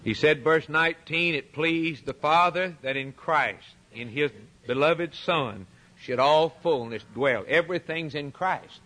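A man's voice: a little high, a little slow, sharp tone. A man preaching a sermon, emphatic and repetitive, dramatically retelling scripture and addressing the congregation as brethren.

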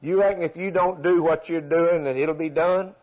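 Husky preacher man. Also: fairly high pitch, fairly even intonation, normal speed, darkish tone, poor audio. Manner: emphatic, repetitive preaching with rhetorical questions. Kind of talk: sermon.

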